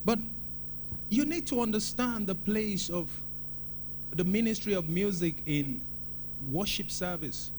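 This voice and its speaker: A man preaching a sermon in a church, talking in an animated, conversational way and repeating phrases for emphasis. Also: sits high, measured pace, slight background noise. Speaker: pastor.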